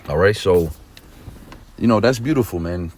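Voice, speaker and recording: A man teaching an informal religious lesson in a conversational preaching manner, often checking in with his listeners and growing excited at points. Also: sits low, moderate pace. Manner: grows excited and emphatic at points.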